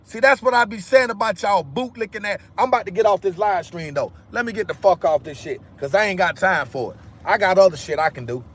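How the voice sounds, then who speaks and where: A man's voice: high voice, lively intonation, a little fast, few pauses. A man ranting heatedly on a livestream, repeating himself with profanity. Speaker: livestream host. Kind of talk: angry livestream rant.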